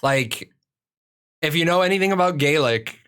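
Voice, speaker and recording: A man's voice: fairly high pitch, expressive, moderate pace, a bit bright, clean tone. A man from Ireland hosting a casual live-stream Q&A, answering viewer questions in a profane, rambling way with many restarts.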